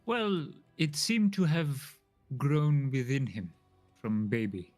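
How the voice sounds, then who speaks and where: A man voicing a formal, secretive male dwarf noble who speaks in a measured, hesitant way. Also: mid-range voice, sing-song, a little mellow, faint music behind. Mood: confiding. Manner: formal, hesitant, fills pauses with "um".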